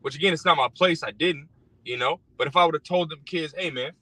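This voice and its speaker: A man's voice: fairly high pitch, brisk, bright, forceful tone, dry recording. Profane preaching man ranting in a car. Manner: blunt, profane, heavy use of fillers. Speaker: rideshare driver. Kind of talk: casual religious rant. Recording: distant mic with faint car noise.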